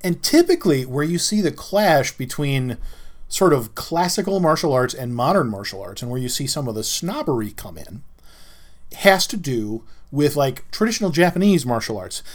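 Middle-aged male podcast host, casual monologue, lively up-and-down delivery, wry and rambling. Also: medium pitch, normal speed. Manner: rambling, wry, self-interrupting storyteller.

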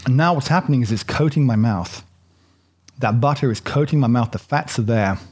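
A man's voice: medium pitch, brisk, darkish tone, slightly rough. A man hosting a casual chocolate tasting, chatty and rambling, poking fun at himself. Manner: chatty, rambling and self-deprecating.

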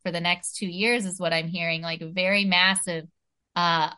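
A woman's voice: on the low side, little pitch movement, normal speed, pushed and bright, smooth. A woman talking earnestly in a casual spiritual chat, full of "you know" and "like".

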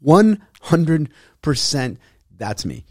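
A man's voice: on the high side, sing-song, drawn-out words, darkish tone, dry recording, clean studio sound. A middle-aged man hosting a solo podcast, talking in an emphatic, frustrated, preachy way about habits and self-improvement. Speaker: podcast host. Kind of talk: solo motivational monologue.

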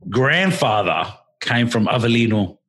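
An Australian man chats casually on a podcast, animated and rambling with lots of restarts. His voice is medium-pitched, husky and unhurried.

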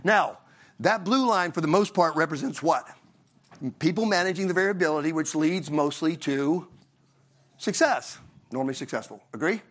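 This middle-aged Tennessee man from the Southern US gives a conference talk in a conversational style. His voice is a little high and a bit bright at a normal speed, and he often asks the audience questions and ends lines with "right?".

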